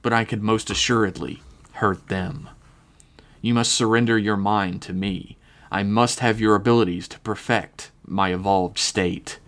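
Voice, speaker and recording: A man voicing an arrogant, machine-like entity who speaks in a flat, smooth monotone. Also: on the low side, a little slow. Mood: cold.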